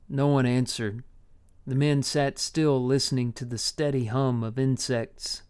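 A man reading a story aloud in measured, unhurried audiobook narration. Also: mid-range voice, little pitch movement, darkish tone, clear, resonant tone.

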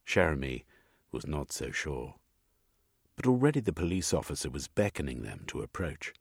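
A man reading scripted narration for an audiobook with expressive, varied intonation. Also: rumbling low, moderate pace, gravelly, breathy edge, no echo, studio quality.

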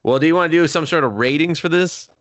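A young adult man co-hosting a casual movie talk, loose and profane with quick asides. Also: on the high side, a bit bright, dry recording. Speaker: podcast co-host. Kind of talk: casual chat.

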